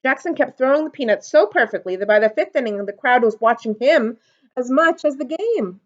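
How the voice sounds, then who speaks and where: A woman reads a storybook aloud for a library storytime, her voice animated and swinging widely in pitch. She sits a little high for a woman, and the sound is dull and lo-fi. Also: fairly quick. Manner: expressive, animated. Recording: dull lo-fi recording.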